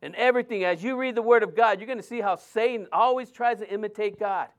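A middle-aged man preaching a sermon, telling a personal story in a lively way with many restarts and fillers. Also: sits high, quick pace, highs cut off.

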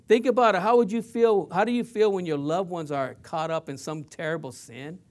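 Impassioned high-voiced man preaching. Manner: impassioned, swings between loud and hushed. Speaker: pastor. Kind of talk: sermon.

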